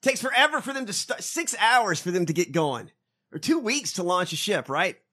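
A man co-hosting a podcast in casual chat, swearing freely and reacting quickly. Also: high-pitched, big pitch swings, pushed and bright. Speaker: podcast co-host.

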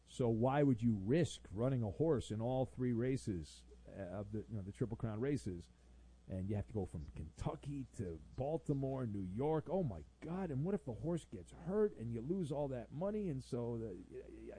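A man's voice: mid-range voice, mellow. A man hosting a sports radio show, reading out listener messages with sarcastic, rambling jokes. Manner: sarcastic, jokey, rambling asides.

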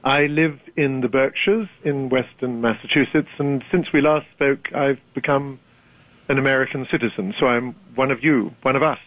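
A man's voice: medium pitch, moderate pace, no echo. An older man with a British accent, a genial and wry author guest in a casual interview, chuckling often. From Britain. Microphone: telephone. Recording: tinny phone line.

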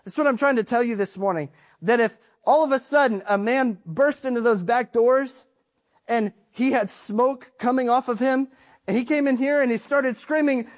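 A male preacher delivering a sermon with insistent emphasis. His voice sits unusually high for a man. He drives his points home with rhetorical questions. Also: normal speed.

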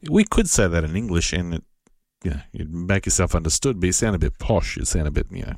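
A man giving a patient, casual spoken lesson, repeating words slowly and spelling them out. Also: low-pitched, expressive, a little mellow, dry recording, clean studio sound. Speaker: Italian language teacher.

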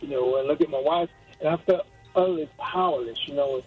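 An older man from Georgia phones in to a radio show, talking earnestly and rambling through restarts. His voice sits a little high. The line sounds muffled and lo-fi, with faint music behind him. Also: a little fast, husky. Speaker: caller. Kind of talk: call-in radio talk.

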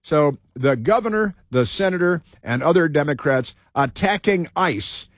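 A man's voice: on the high side, lively intonation, measured pace, no echo, clean studio sound. A man hosting a talk radio show, reading off a list with sarcastic, combative asides and frequent fillers.

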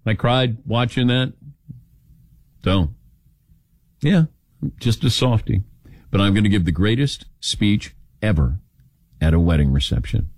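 A man's voice: on the low side, measured pace, pauses often, a little mellow, no echo, clean studio sound. An older man hosting a radio talk show, telling stories and acting out quoted lines in casual chat.

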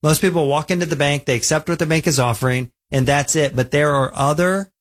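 A man's voice: fairly high pitch, fairly quick. A man hosting a weekend radio show, telling a personal story in a chatty, conversational way. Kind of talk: casual radio talk.

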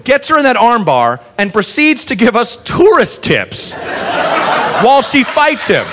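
A man doing stand-up storytelling, animated and profane, often laughing through his lines. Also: extremely high pitch, unhurried, a crowd in the background, noisy background. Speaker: stand-up comedian.

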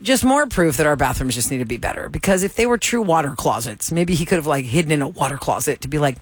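Animated woman co-host telling stories. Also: low voice, fast talker, slightly rough, dry recording. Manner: animated storyteller acting out quotes. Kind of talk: casual chat.

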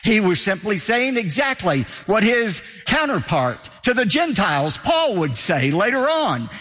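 Male pastor preaching, high bright voice, swinging up and down a lot, long hall reverb. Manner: emphatic preaching with repeated phrases. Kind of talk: sermon.

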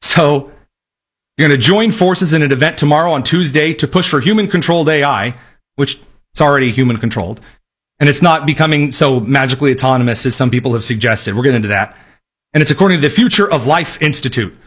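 A man's voice: fairly high pitch, fast talker, husky. A man delivering sarcastic, emphatic political commentary in a ranting style. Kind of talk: opinionated commentary.

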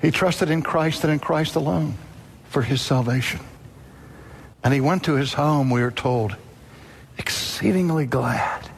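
A man's voice: a little high, a little slow, pauses often, a little hiss or hum. A man preaching a sermon, telling a story dramatically and acting out the voices in it.

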